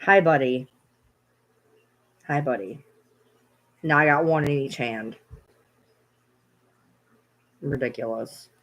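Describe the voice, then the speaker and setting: A woman's voice: a bass voice, slow, long pauses, fairly bright tone, dull audio. A woman vlogging casually at home, playfully scolding her dogs in a baby-talk tone. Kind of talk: casual vlog chat.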